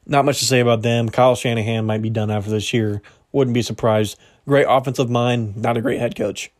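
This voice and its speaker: Speaking fairly quickly with fairly even intonation, this young podcast host talks sports on his own in a casual, meandering style. He keeps correcting himself and laughing at himself, and his mid-range voice carries a slight strain.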